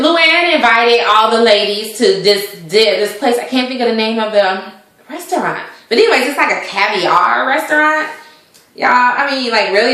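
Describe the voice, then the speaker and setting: A woman's voice: a little high, sharp tone. A woman casually recapping a TV episode in a rambling way, full of fillers and asides. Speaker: TV show recap vlogger. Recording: very echoey room.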